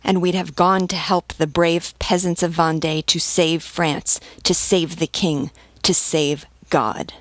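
A woman reading aloud, voicing an old nobleman who speaks calmly and persuasively. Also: on the low side, no echo. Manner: calm, measured, persuasive. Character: stern old nobleman, serene and commanding. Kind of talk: audiobook reading.

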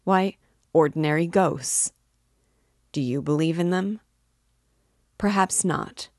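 A woman's voice: low-pitched, slow, a little mellow, dry recording, clean studio sound. A woman reading as a sly musing landowner. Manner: rambling, confiding, oddly offhand. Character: sly, musing middle-aged male landowner. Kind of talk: reading a novel aloud.

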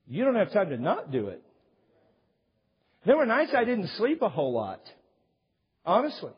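Male pastor, sermon, husky and animated storyteller who acts out quoted voices; dull recording with long hall reverb. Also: sits high, normal speed, pauses often. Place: church sanctuary.

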